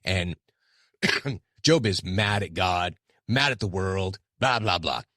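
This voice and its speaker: A middle-aged man hosts his own podcast, rambling through a casual monologue that is candid and self-deprecating. His deep voice is animated, slow, bright, and forceful, captured in a dry, studio-quality recording.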